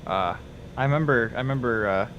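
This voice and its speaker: A man's voice: medium pitch, fairly quick, muffled recording, a little hiss or hum. A man co-hosting a casual painting stream, reading chat questions and joking, tripping over his words.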